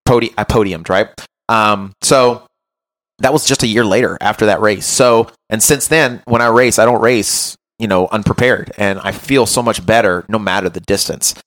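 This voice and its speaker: A man hosting a podcast as a run coach, telling an animated, self-mocking story in casual chat and often checking in with "right?". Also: fairly low pitch, normal speed.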